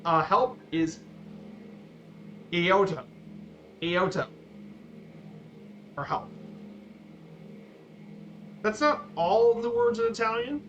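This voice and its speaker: A man streaming a flight simulator, giving a casual slideshow talk with halting, repeated words and fillers. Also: high-pitched, fairly bright tone. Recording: dull lo-fi stream audio with faint noise.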